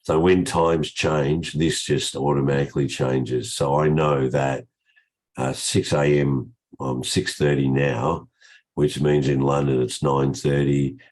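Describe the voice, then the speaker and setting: An older man hosts a trading session over a video call, his voice extremely deep and low. A cold leaves it croaky and husky, and he talks in a loose, rambling way with lots of restarts. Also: flat delivery, takes it slowly, darkish tone. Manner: rambling, restarts often, chatty. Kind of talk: casual live trading session talk.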